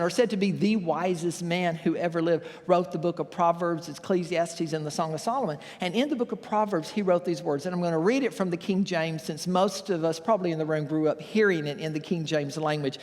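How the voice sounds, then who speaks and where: A man's voice: high voice, a little mellow, big-room sound. A man preaching a sermon as pastor, telling folksy stories and acting out the voices of the people in them. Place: church sanctuary.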